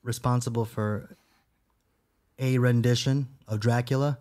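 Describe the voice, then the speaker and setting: A man's voice: medium pitch, steady tone, unhurried, a little mellow. A man co-hosting a casual horror podcast, rambling with lots of fillers. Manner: rambling, full of "you know" and "uh" fillers. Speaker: podcast co-host.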